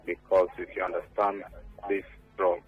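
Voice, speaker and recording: Earnest Nigerian male caller, husky. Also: deep voice, monotone, normal speed, lo-fi sound, soft background music. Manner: earnest, repetitive, emphatic. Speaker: phone-in caller. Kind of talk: calling in to a radio talk show.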